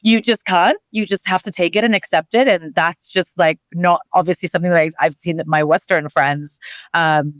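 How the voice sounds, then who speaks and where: A woman from Nigeria, a travel journalist being interviewed, telling animated stories and laughing often. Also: lowish voice, normal speed, dry recording. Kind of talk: conversational interview.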